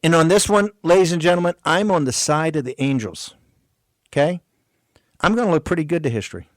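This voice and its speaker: A man's voice: on the high side, expressive, fairly quick, no room sound. Fiery ranting talk radio host, man. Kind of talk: political talk radio monologue.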